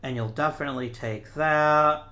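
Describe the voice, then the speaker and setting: A man's voice: a little high, normal speed, sharp tone. A man hosting a gaming channel, thinking aloud in casual let's-play commentary and talking to the players on screen.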